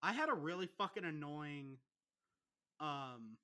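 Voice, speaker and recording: A young man co-hosting a podcast, ranting with constant swearing in an animated, aggrieved way. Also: fairly high pitch, unhurried. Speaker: podcast co-host. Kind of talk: casual profane podcast rant.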